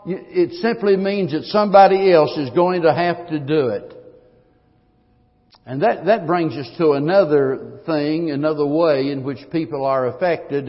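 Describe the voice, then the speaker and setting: Preaching man in an echoing hall. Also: on the high side. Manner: emphatic preaching with swells in volume. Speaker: pastor. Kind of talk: sermon. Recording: muffled long-reverb hall recording.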